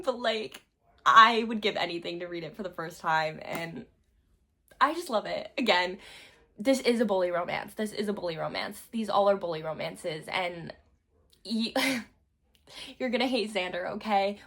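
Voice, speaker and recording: A young woman chatting casually about books, gushing with frequent laughs and swearing, swinging between loud bursts and soft asides. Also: on the high side. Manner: gushing, swears often, many likes. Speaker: book reviewer. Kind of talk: casual book chat.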